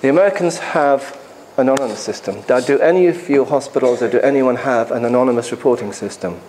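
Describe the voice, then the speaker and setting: A man, an airline pilot, speaks to a conference audience in a hall. His voice sits at a middling pitch, and he talks in a chatty, emphatic way with frequent asides to the listeners. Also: fast, a little mellow, slight background noise. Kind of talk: conference presentation.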